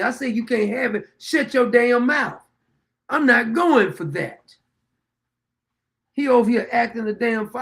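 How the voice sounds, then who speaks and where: A man's voice: sits high, a bit bright. A middle-aged man hosting his own show, delivering a blunt, preachy, rambling opinion monologue. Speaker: show host.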